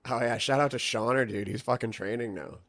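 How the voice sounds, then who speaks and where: A man's voice: mid-range voice, brisk, creaky, fairly bright tone. A young man chatting on a podcast, telling rambling stories full of swearing and filler words. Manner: rambling storytelling, heavy swearing, lots of "like". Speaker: podcast guest, jiu-jitsu athlete. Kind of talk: casual podcast chat.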